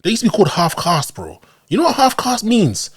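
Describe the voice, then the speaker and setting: A man in his late thirties from Ghana, hosting a casual podcast chat, animated and calling his guest "bro" in nearly every line. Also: high-pitched, a little fast, breathy edge. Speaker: podcast host.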